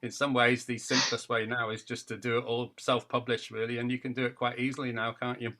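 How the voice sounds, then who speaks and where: Bright-toned man, reflective and self-deprecating. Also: mid-range voice, little pitch movement, fairly quick. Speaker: poet guest. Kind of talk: casual interview chat.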